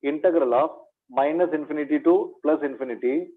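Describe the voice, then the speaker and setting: A man's voice: on the high side, brisk, narrow, tinny audio. A man teaching an exam revision lecture in maths, repeating key points, asking rhetorical questions and calling his students "my dear".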